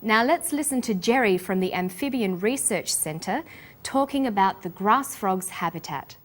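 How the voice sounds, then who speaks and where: A woman with an Australian accent hosting a scripted English pronunciation lesson, speaking slowly and articulating each word clearly. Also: mid-range voice, expressive, faint music behind. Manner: slow, deliberate, clearly articulated. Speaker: English teacher and host.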